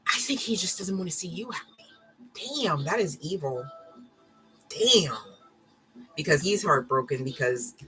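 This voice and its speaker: A woman's voice: low-pitched, a bit bright, low-quality recording. A woman reading tarot on a live stream, rambling and frank, swearing and apologizing often. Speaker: tarot reader.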